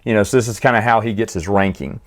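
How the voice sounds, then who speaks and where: A man's voice: fairly low pitch, fast talker. A man hosting a casual spoken recap of a book series, chatty, with frequent restarts, fillers and laughs.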